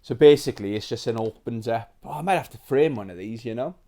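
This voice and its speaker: A British man in his forties, chatting casually through a show-and-tell of the games he grew up with. His voice sits at an ordinary middle pitch, and he rambles along with lots of fillers and asides. He turns excitable and sentimental as he talks. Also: fast. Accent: British English. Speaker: retro game collector host.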